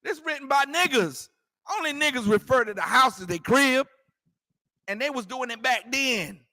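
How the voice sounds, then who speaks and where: A man's voice: very high-pitched, lively intonation, moderate pace, sharp tone, dry recording, studio quality. A man teaching a scripture class in an emphatic, repetitive way, using street slang and firing rhetorical questions. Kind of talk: preaching scripture commentary.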